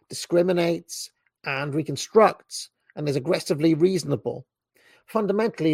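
Man from Britain, gravelly voice, dry close sound, measured reading aloud with small self-corrections. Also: a little high, a little mellow, dry recording. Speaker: reader. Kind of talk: reading a book aloud with asides.

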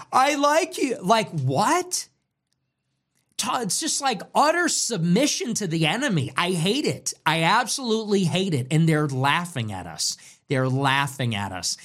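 Guy ranting solo, kinda high voice, hammering short repeated lines. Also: a bit bright. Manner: emphatic, repetitive, punchy short sentences. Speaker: commentator. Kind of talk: solo opinion monologue.

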